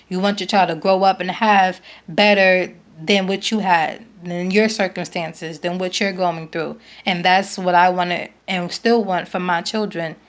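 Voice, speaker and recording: A woman, making an earnest, pleading appeal to camera as a parent, repeating her points for emphasis. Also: mid-range voice. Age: 20s. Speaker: vlogger, parent. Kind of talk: emotional direct-to-camera appeal.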